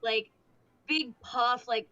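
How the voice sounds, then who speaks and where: A woman playing a tabletop game, chatting in an excitable, playful way. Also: on the high side, slow, muffled recording, a little hiss or hum. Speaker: player. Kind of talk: casual tabletop game chat.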